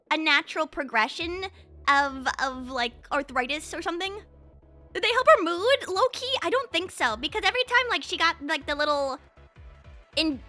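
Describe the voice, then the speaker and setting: A woman's voice: high voice, bright, forceful tone. A young woman VTuber chatting casually with her stream chat, rambling and playful with many fillers.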